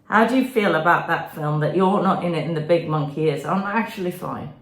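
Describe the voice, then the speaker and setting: A woman's voice: deep voice, fairly quick. Teasing woman hosting a puppet podcast. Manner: coaxing, gently teasing, chatty. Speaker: ventriloquist podcast host. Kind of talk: comic podcast chat with her puppet. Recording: echoey room.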